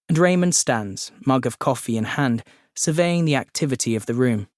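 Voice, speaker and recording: A man giving measured, descriptive audiobook narration. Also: medium pitch, animated, darkish tone, no echo, studio quality. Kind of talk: scripted narration.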